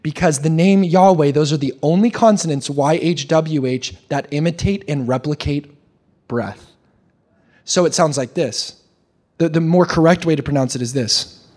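A young man preaching a sermon, animated, with quick restarts and questions put to the congregation. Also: a little high. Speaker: pastor.

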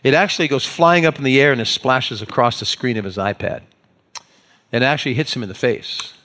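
This preacher speaks fairly quickly in a medium-pitched, sharp-toned voice. His sermon centers on a folksy, self-deprecating story from daily life, chatty in tone and complete with acted-out voices.

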